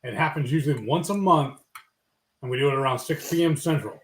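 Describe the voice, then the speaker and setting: A man's voice: mid-range voice, fairly quick, a little hiss or hum. Rambling man in an echoey room. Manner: rambling, searching for words with fillers. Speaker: co-host of a live cooking stream. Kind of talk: casual live-stream chat.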